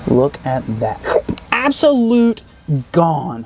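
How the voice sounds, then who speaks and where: A man hosting a casual vlog outdoors on a farm, chatty and excitable, talking to the animals and the camera. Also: on the high side, moderate pace, faint music behind. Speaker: vlog host. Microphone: handheld action camera.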